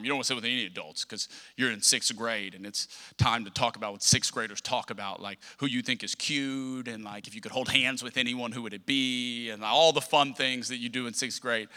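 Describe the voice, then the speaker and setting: Bright-voiced young preacher, animated. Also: male voice, medium pitch, a little fast, hardly any pauses. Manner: animated, humorous storytelling. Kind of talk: storytelling sermon. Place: church sanctuary. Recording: long church hall reverb.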